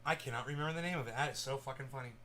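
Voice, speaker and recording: A man chatting casually to viewers at home, rambling and swearing, jumping from loud bursts to mumbling. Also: medium pitch, very fast, slight background noise. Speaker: cannabis vlogger. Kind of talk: casual stoned chat to viewers.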